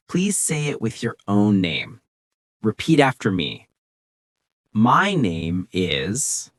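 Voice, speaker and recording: An English teacher giving a scripted beginner lesson, encouraging and speaking example phrases slowly and clearly. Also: medium pitch, no room sound, studio quality.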